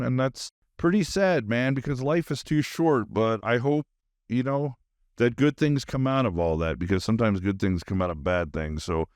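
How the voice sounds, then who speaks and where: A man's voice: mid-range voice, clean tone, no echo, studio quality. A man hosting his own podcast, talking on and on in a loose, caffeinated monologue full of fillers. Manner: rambling, nonstop talker with many fillers. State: highly caffeinated. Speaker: podcast host. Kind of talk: rambling solo podcast monologue.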